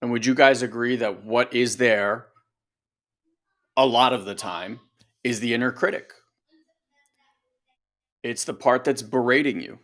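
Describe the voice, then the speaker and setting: A man talking casually as a coach on a podcast, animated and conversational. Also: mid-range voice, measured pace, pauses often. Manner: animated, acts out voices, conversational. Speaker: coach and co-host.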